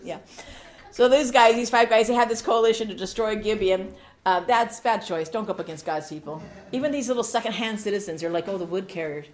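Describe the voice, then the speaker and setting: A middle-aged woman preaching a sermon, animated and jokey, with laughing asides. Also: mid-range voice, fairly quick.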